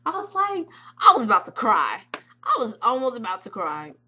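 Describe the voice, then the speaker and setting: A woman's voice: fairly high pitch, normal speed. Bubbly young woman telling a story. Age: young adult. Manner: animated, acts out quotes with squeals and shouts. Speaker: vlogger recounting a club night. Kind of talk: excited vlog storytelling.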